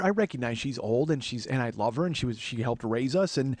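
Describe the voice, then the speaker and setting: A man, a comedian and podcast host, telling a story in an animated, exasperated way with profane asides. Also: medium pitch, a little fast, no room sound. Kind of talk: comic storytelling.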